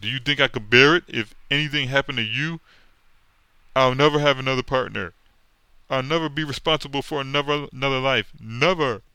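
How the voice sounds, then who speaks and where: A man voicing a grieving, stern male superhero who speaks loud and forcefully. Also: fairly low pitch, fairly quick, hardly any pauses, no echo, pitched above the performer's own voice, low-quality recording. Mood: angry.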